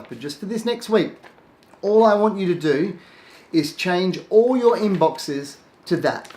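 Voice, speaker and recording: A man teaching a productivity tip in a casual, lively way, acting out his own thoughts in quick asides. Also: sits high. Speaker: productivity coach. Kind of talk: casual instructional talk to camera. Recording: echoey room.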